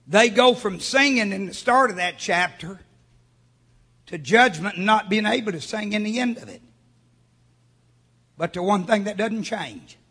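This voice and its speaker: A man preaching a fervent sermon, swinging from hushed talk to shouting. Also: high voice, a little slow, long pauses, slightly rough. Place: church sanctuary. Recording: long church reverb.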